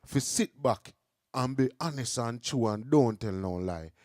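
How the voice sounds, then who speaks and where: A man's voice: mid-range voice, lively intonation, unhurried, darkish tone, no echo, studio quality. A middle-aged man with a Jamaican accent, explaining his views earnestly in casual podcast chat. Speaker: podcast host.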